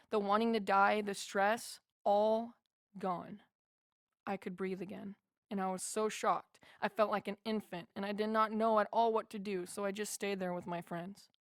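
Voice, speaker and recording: A woman's voice: medium pitch, no echo, clean studio sound. A woman narrating a first-person memoir as an audiobook, in an earnest, heartfelt way.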